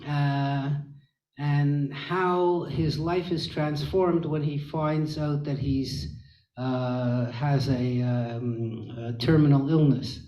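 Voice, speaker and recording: An older man hosting an informal talk for a library group, speaking slowly with many fillers and restarts. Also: fairly high pitch, darkish tone. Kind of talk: informal lecture to a live group. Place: library meeting room. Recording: echoey room, dull lo-fi sound.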